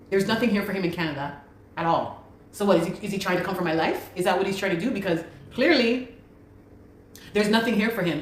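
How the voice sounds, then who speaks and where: A woman giving an earnest, urgent personal account and often repeating her pleas. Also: on the low side. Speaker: guest telling her story. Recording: roomy recording with faint background noise.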